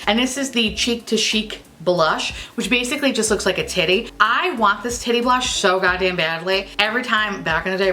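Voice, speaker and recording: A woman's voice: mid-range voice, pushed and bright. A young woman beauty vlogger chatting casually to camera, jokey and swearing freely.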